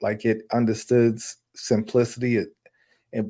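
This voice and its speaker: A man's voice: medium pitch, little pitch movement, moderate pace, dark tone. A man on a film review panel, earnestly laying out his argument point by point. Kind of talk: casual film review chat.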